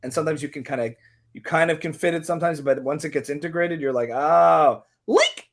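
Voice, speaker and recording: A man's voice: fairly high pitch, quick pace. Loose-talking male comedian guest. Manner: loose, many fillers. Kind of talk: casual podcast chat.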